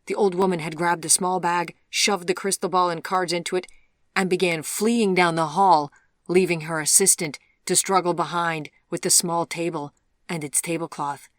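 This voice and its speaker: Reading scripted narration for a fairy-tale audiobook, this woman keeps her delivery even and measured. Her voice is on the low side, and the studio sound is clean, without echo.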